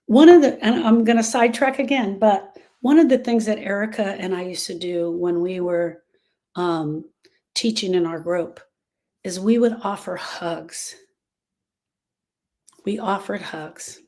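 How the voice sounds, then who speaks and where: A woman's voice: medium pitch, a little slow, dark tone. A woman hosting a live stream on grief, speaking earnestly and directly to viewers and repeating her key phrases for emphasis. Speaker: grief support host.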